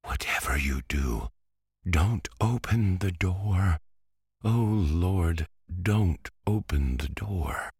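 A man's voice: sits low, lively intonation, slow, darkish tone, husky, no room sound, studio quality, voice pushed up, heavily acted. A man voicing a small, anxious ballet girl pleading in a bedtime story reading.

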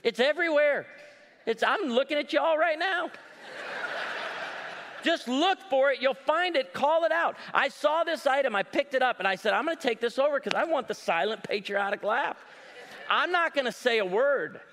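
A man in his forties performs stand-up on stage, his voice high and bright. He tells stories with animated delivery and slips into other voices for quotes. The sound carries a long hall reverb. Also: moderate pace. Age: 40s. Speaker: stand-up comedian. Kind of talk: live stand-up comedy.

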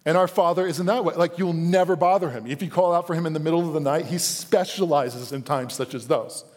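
A male pastor with a fairly high voice preaches live, sliding between casual storytelling and acted-out asides. His words carry a long reverb from the church hall. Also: brisk, darkish tone. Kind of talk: live sermon.

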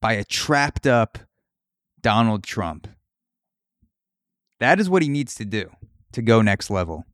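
A man's voice: on the low side, big pitch swings, slow pace, long pauses, fairly bright tone, no echo, clean studio sound. A young man hosting a comedy podcast, ranting crudely and riffing through mock voices for his bits. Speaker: podcast host.

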